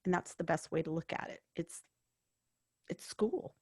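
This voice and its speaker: Woman guest, warm-hearted storyteller, slightly low pitch, dry booth-like recording. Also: moderate pace, slightly rough, dry recording. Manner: earnest, storytelling, acts out quoted dialogue. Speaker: podcast guest, former hospice worker. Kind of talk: conversational interview.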